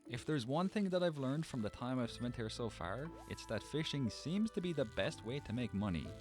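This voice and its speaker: A man's voice: mid-range voice, lively intonation, normal speed, faint music behind. A man reading a scripted gameplay narration with a wry, dry sense of humor.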